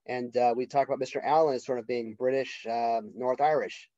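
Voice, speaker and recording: A male college literature professor giving a casual classroom lecture, conversational and acting out characters' lines in quick voices. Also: medium pitch, fairly even intonation, mellow, no echo. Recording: dull lo-fi lecture recording.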